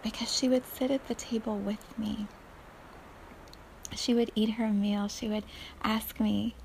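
Woman podcast host, unhurried, hushed and breathy, spiritual talk, faint background hum. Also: a little high, steady tone. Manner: slow, soft, often breathy and near-whispered, with frequent laughs.

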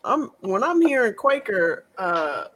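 Slow-talking joking podcast co-host. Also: medium pitch, sing-song, a bit bright, slight background noise. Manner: joking, laughing. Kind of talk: casual chat.

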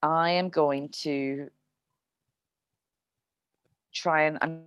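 A woman's voice: low-pitched, fairly even intonation, extremely slow, smooth, dull audio. A woman playing a tabletop game, blunt and jokey, swearing freely. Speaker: player. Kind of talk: casual tabletop game banter.

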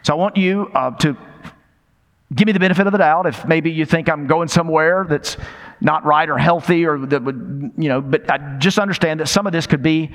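Older pastor guy preaching, kinda high voice, talks to the crowd with questions, big echoey church hall. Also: fairly quick. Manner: emphatic, conversational preaching with rhetorical questions and repetition. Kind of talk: sermon. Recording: long reverb of a large hall.

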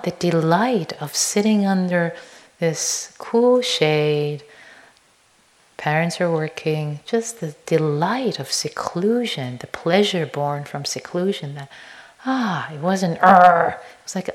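A woman meditation teacher giving a dharma talk, gentle and slow, sometimes sinking to a soft whisper and at other times turning playful and expressive. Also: fairly low pitch.

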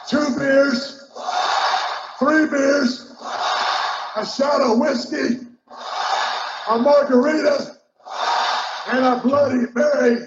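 A man doing an impression of a brash, loud male wrestler giving a repetitive promo speech. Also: extremely high pitch, pitched above the performer's own voice. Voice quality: shouty, repetitive, drawn-out. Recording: echoey, muffled, noisy room.

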